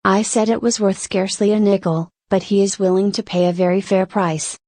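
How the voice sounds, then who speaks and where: A woman's voice: mid-range voice, fairly even intonation, brisk, darkish tone, dry recording, lightly acted. Lady reading a stuffy old-fashioned lawyer guy, formal and stiff, dry close mic. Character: prim, fussy male lawyer.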